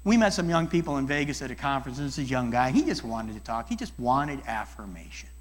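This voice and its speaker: A middle-aged man and life coach giving a church talk, animated and acting out people's voices as he tells stories. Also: mid-range voice, quick pace. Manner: animated, acts out voices in dialogues. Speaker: guest speaker and life coach.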